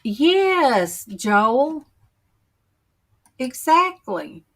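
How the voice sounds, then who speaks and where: A woman chatting on her faith livestream, talking slowly and emotionally with many pauses and fillers. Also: high-pitched, sing-song, creaky, fairly bright tone. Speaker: channel host on a faith livestream. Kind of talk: casual chat, reading viewer comments.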